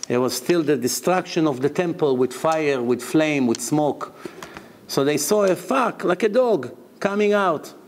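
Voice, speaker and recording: Animated rabbi teaching Talmud. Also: male voice, fairly high pitch. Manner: animated storytelling with rhetorical questions; explains terms as he goes. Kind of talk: Talmud lecture.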